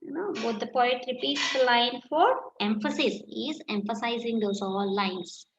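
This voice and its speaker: A woman teacher with an Indian English accent, slowly dictating answers in a class lesson and repeating phrases as she writes. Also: a little high, animated. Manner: slow, repeats phrases while writing answers. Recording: echoey room, dull lo-fi sound, faint noise.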